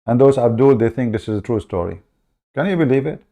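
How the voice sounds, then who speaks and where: A man with a dark, gravelly voice and a mellow tone hosts a comedic commentary. He talks in a mocking, sarcastic way, needling his targets as he goes. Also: mid-range voice, fairly quick, highs cut off. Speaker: host. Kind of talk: comedic commentary and phone skit.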